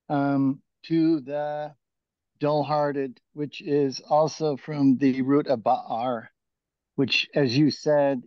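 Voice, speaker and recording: A man speaks eagerly in a study class, piling up word meanings. His voice is mid-pitched. The call audio is slightly muffled and dry. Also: no room sound. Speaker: student. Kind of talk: class discussion.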